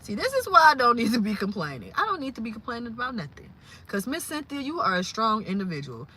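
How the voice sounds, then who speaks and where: A woman from Louisiana, hosting a casual livestream and talking in an animated, exclamatory way. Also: fairly high pitch, fast talker, slightly rough. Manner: animated, exclamatory, incredulous, laughing often. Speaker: livestream host.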